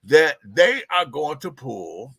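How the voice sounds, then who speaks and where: A man's voice: a little high, sing-song, takes it slowly, gravelly, fairly bright tone, husky, no echo. A man hosting a live-stream gossip show, sassy, theatrical and profane, chatting to viewers while he fixes his setup. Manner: talks to the audience while fixing tech. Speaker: show host.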